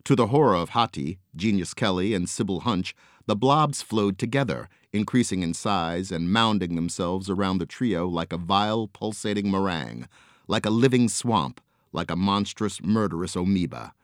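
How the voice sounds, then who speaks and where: A man narrating a whimsical children's fantasy story with expressive, varied delivery. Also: low-pitched, normal speed, dry recording, studio quality. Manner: expressive, with lots of swing in delivery.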